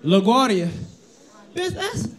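A man with a Southern US accent doing loud, profane stand-up crowd work, roasting the audience from a club stage. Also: very high voice, very animated, moderate pace. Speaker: stand-up comedian. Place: comedy club ballroom on stage. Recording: live club crowd laughter and noise. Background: audience laughter.

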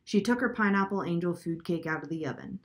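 A woman reading a children's chapter book aloud at a clear, steady pace. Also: lowish voice, fast talker. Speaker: storybook reader.

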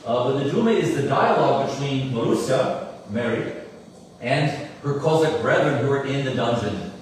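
A man in his forties who tells a story to an audience, animated, with many fillers and asides. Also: mid-range voice, normal speed. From United States. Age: 40s. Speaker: musician giving a talk. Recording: echoey hall, mic at a distance, faint room noise.

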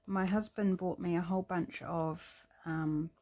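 A woman's voice: on the low side, fairly even intonation, a little slow, darkish tone. A middle-aged woman with a New Zealand accent talks through a collage craft project in a rambling, chatty way, thinking aloud with frequent ums. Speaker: craft vlogger. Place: home craft desk.

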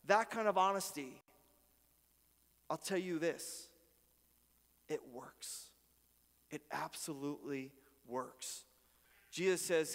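Male pastor, high-pitched, earnest sermon voice, hall reverb. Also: takes it slowly, long pauses. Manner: earnest, shifts between quiet prayers and loud pleading. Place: church sanctuary.

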